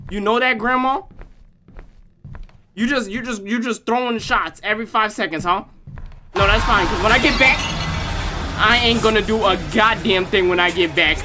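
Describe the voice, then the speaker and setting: A young man hosting a gaming channel, joking and trash-talking his way through a horror game, swinging from low mutters to loud yelps. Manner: joking trash talk at the game's granny. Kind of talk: horror game let's play commentary.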